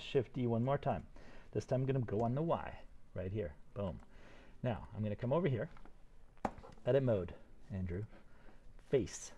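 An older man teaching a 3D modeling tutorial live, talking fast and excitedly while he demonstrates and encourages his students. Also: fairly low pitch, a little hiss or hum. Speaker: 3D modeling instructor.

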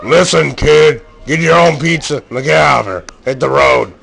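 A man voicing a gruff, rude grown man who growls out dismissive insults. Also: on the high side, normal speed, a bit bright, pitched below the performer's own voice.

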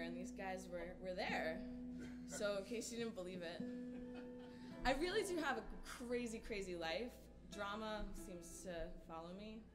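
A woman performer chats with a small crowd in a hotel room between songs, her voice sitting at a middle pitch. She tells her story in an animated, dramatic way and laughs at herself along the way. Guitar music stays clearly audible behind her. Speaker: singer-songwriter performing a showcase. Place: small hotel room showcase with a live audience. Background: guitar playing.

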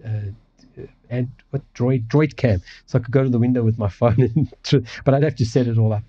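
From his home apartment, a man rants casually on his livestream, rambling, restarting often and swearing freely. His husky, mellow voice moves a little fast, mostly even in intonation though the pitch sometimes swings a lot. The audio is dull and lo-fi.

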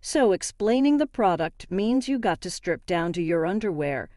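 Woman reading as a calm young wife, cool and sharp-tongued, low mellow tone. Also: moderate pace, no echo, studio quality, natural voice. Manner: cool, cutting.

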